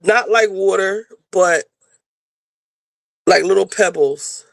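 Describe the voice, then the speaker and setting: A woman's voice: on the low side, slow pace, gravelly, long pauses, a little hiss or hum. A woman panelist in casual chat, talking bluntly and rambling with plenty of swearing. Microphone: video call.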